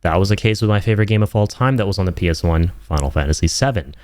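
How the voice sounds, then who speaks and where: A man's voice: sits low, very fast, background noise. A young man giving an enthusiastic, emphatic video game review in casual, slangy talk.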